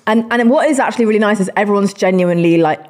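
A woman's voice: medium pitch, rapid-fire, a little mellow. A woman singer chatting as a podcast guest, giggly and rambling with many restarts. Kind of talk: casual chat interview.

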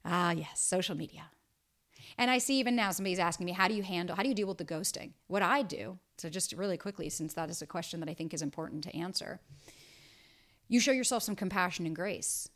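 A woman's voice: lowish voice, fast talker, a bit bright. A woman in her thirties hosting a casual solo podcast, talking bluntly and emphatically and swearing freely. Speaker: podcast host and dating coach.

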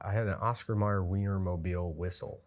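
A man co-hosting a comedy podcast, trading deadpan crude jokes in casual banter. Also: deep voice, fairly quick. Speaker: co-host.

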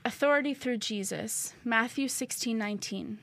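A woman co-hosting a faith podcast, talking in an earnest, animated way about prayer and her own struggles. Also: a little high, vocal fry. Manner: animated, earnest, quick to rebuke and laugh. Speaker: podcast co-host. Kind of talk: faith-based casual chat.

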